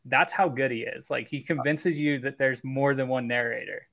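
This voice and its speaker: A man's voice: mid-range voice, fairly even intonation, normal speed, creaky, a bit bright. A man co-hosting a casual podcast, groping for words and saying "like" often. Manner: groping for words with many likes. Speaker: podcast co-host.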